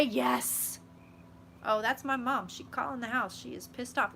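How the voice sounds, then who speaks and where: At a normal speed and with some vocal fry, the young psychic vlogger's fairly high, slightly bright voice carries her casual live stream from home. She gushes and swears freely while reading comments aloud, over a little hiss or hum.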